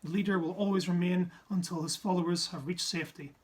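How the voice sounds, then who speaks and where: Husky old officer , put on by a comic narrator, formal and report-like, firm clipped tone. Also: male voice, high voice, steady tone, quick pace. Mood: matter-of-fact. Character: gruff old army major, male, reporting dryly.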